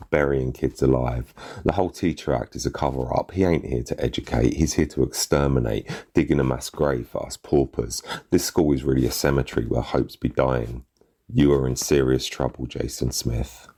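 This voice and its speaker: A man reads a gritty short story in the first person, his voice sitting very low in the chest. The tone is husky and breathy, and the telling stays bitter and blunt in street slang. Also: darkish tone. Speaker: narrator.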